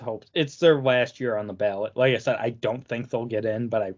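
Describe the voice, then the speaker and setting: A man's voice: medium pitch, brisk. A man co-hosting a casual sports podcast, opinionated and saying "like" often. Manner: opinionated, uses "like" a lot. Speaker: podcast co-host. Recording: dull lo-fi recording.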